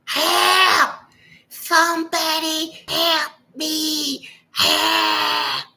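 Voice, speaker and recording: A man's voice: sing-song, drawn-out words, bright, forceful tone, heavily acted. A man putting on the voice of an angry woman hollering for help in his story. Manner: shrill, hollering.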